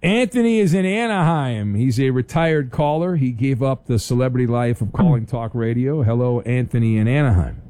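Chill radio host guy from socal, deadpan, stumbles over his words, warm dark voice. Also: medium pitch, moderate pace, hardly any pauses. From Southern California. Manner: deadpan, dry teasing with stammered restarts. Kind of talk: casual call-in radio banter.

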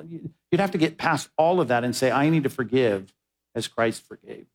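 A man's voice: mid-range voice, expressive, moderate pace, low-quality recording. A male pastor giving a sermon, telling a story and rising into emphatic exhortation.

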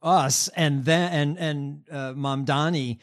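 A man co-hosting a political talk show, talking haltingly with many fillers and dry jokes. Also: a little high, steady tone. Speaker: podcast co-host. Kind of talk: casual political chat.

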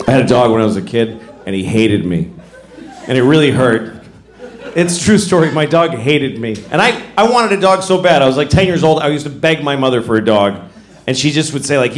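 A man telling stories in a stand-up set, lively, slipping into character voices. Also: medium pitch, a little fast. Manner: lively storytelling, putting on voices. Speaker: stand-up comedian. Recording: echoey room with noise.

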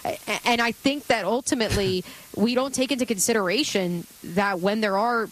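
A woman co-hosting a sports radio show, talking through game news in quick, casual conversation with fillers. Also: fairly high pitch, low-quality recording.

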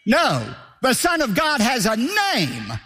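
A man's voice: very high-pitched, wildly swooping pitch, slow, bright, forceful tone, slightly rough, long reverb tail. A man preaching a sermon as pastor, emphatic, asking rhetorical questions and hammering points home with repetition.

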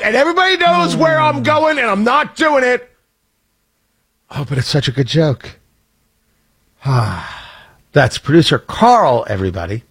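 A man's voice: high voice, fairly bright tone, slightly rough. A man hosting a radio show with a Midwestern accent, joking and laughing at himself through on-air banter. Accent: American Midwest. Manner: joking, self-deprecating, laughs often. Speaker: radio host.

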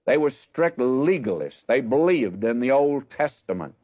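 An older man walks through Bible history in an unhurried, folksy teaching voice. The recording is dull and lo-fi, with a dry, close sound and no room echo. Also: medium pitch, big pitch swings. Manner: folksy, measured, explanatory.

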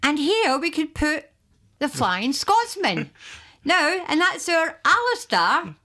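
A woman presenting on community radio, chatty and quick to laugh. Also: high voice, very animated, pushed and bright.

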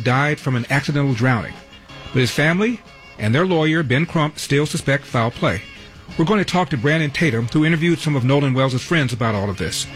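A man hosting a talk radio show, delivering news headlines with wry, sardonic asides. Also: on the high side. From Los Angeles.

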